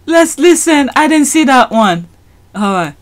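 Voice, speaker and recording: Slow, gushing woman reacting. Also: high voice, very animated. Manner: gushing, laughing often. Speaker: host. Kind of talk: reaction commentary.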